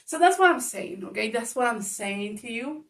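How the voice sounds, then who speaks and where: A woman's voice: on the high side, expressive, moderate pace, far from the mic. A woman giving casual spoken advice to viewers, frank and chatty, laughing often, swearing and calling the listener baby. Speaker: advice vlogger.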